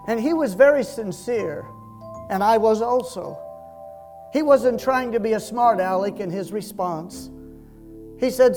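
Pastor, male, sermon delivery: unhurried, emphatic, swelling then hushed, light music underneath. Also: high voice. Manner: slow, emphatic preaching that swells and drops in loudness.

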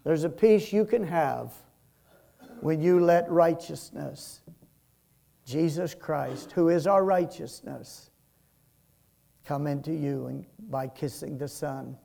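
A man preaching a sermon as pastor, slow and emphatic, rising to loud peaks and dropping to soft, quiet passages. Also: fairly high pitch, creaky. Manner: slow, emphatic preaching that swells and drops in loudness.

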